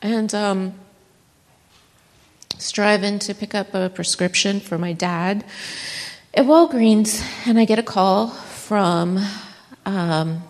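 A middle-aged woman giving an emotional personal testimony, her voice rising high and breaking when she is moved. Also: slow, long pauses, darkish tone. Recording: long reverb, as in a hall.

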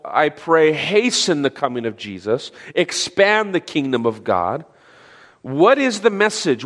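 Earnest preacher in an echoing hall. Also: male voice, medium pitch. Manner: earnest, emphatic, repeats phrases with frequent restarts. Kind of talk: sermon. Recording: long reverb of a large hall.

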